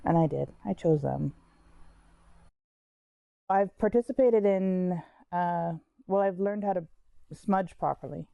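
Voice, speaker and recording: A woman's voice: on the low side, slow, gravelly, long pauses, mellow, no echo, muffled recording. A woman candidly telling her own life story in a conversational way, full of restarts and "like". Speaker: interviewee sharing her story. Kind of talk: personal storytelling.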